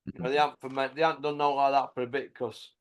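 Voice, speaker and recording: A man's voice: mid-range voice, flat delivery, racing. A man, blunt and mocking, chatting casually about boxing as a podcast host.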